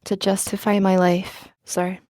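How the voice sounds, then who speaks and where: A woman's voice: mid-range voice, level tone, a little slow, a little mellow, dry recording, studio quality, close to an everyday voice. A woman reading the lines of an eager young male reporter in his early twenties, earnest and ardent, in an audiobook.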